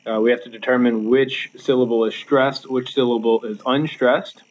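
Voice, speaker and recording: A male teacher records a slideshow lecture at home, his pitch sitting in the middle range. He explains patiently, with plenty of fillers and restarts. The laptop mic gives a slightly dull, muffled sound. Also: fairly even intonation, normal speed, noisy background.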